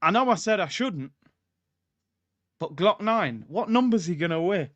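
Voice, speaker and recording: A man's voice: sits high, animated, a little slow, fairly bright tone, no echo. A man hosting a casual football livestream, hyped, slangy and jokey. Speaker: football channel host. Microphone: streaming mic.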